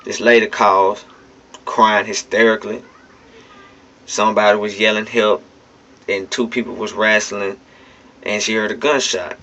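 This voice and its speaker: A man's voice: lowish voice, level tone, unhurried, long pauses, sharp tone. A man giving casual, blunt, emphatic spoken commentary straight to his listeners, with some swearing. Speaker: vlogger. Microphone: phone. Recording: dull lo-fi phone recording.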